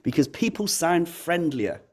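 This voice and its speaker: A man co-hosting a school radio show, talking casually and relaxed, with many fillers. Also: fairly high pitch, a little slow. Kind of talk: casual live chat.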